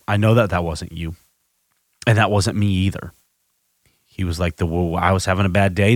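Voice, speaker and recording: The sound is dry and cleanly studio-recorded as a low-voiced podcast host tells of his personal recovery. He speaks candidly and reflectively, repeatedly breaking off to restart sentences.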